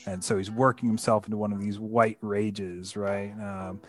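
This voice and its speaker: A man's voice: fairly low pitch, level tone, moderate pace, faint music behind. Bookish man chatting with fillers. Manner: thoughtful, many fillers and restarts. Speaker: podcast host. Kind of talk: casual book discussion.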